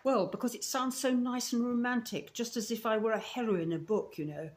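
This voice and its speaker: A woman's voice: a little high, a little fast, lightly acted. A woman with a Scottish accent reading aloud as a talkative, romantic eleven-year-old orphan girl in a storybook. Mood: wistful. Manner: gushing, romantic, breathless run-on talk.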